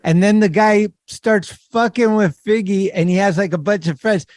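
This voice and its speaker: A man hosting a podcast, chatting casually and excitably, laughing often. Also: high-pitched, normal speed, no room sound, studio quality. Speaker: podcast host. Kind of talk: casual chat.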